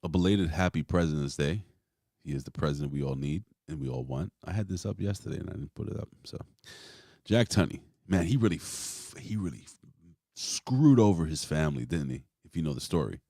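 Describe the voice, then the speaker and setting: On a casual wrestling podcast, a man in his forties with a rumbling low voice talks a little fast, rambling, cursing, and telling stories animatedly. The audio is clean and dry, straight from a studio.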